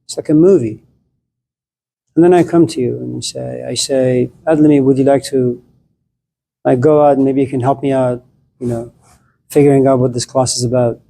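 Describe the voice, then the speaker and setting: A man's voice: mid-range voice, steady tone, moderate pace, vocal fry, pauses often, mellow. A middle-aged man lecturing to a class, playful and acting out little scenes as he talks.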